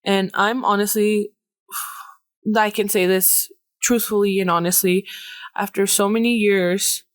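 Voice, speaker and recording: A woman's voice: mid-range voice, fairly even intonation, unhurried, dry recording. A woman in her late twenties hosting her own podcast in casual chat, emotional and laughing through tears, now and then dropping into Spanish. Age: 20s. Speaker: podcast host.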